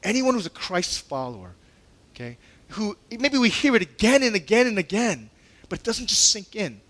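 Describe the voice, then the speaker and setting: Preaching at normal speed, this pastor has a fairly high voice full of life that rises and falls a lot. He talks with the congregation like a conversation, laughs at his own asides, and plays the disciples in an indignant, raised voice.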